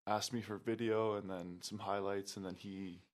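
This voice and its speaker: A man's voice: lowish voice, flat delivery, moderate pace. A young man chatting casually as a podcast guest, loose and hesitant, with many fillers and restarts. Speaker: guest, pro volleyball player.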